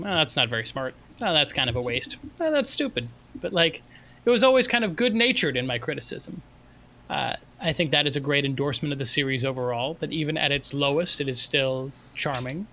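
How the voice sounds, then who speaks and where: A man co-hosting a casual podcast, giving wry, good-natured criticism in a relaxed way. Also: on the high side. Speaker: podcast co-host.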